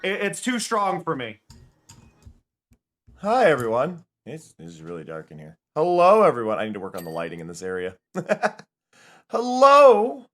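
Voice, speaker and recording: A young man chatting casually on a live stream while playing a game, rambling and laughing often. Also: mid-range voice.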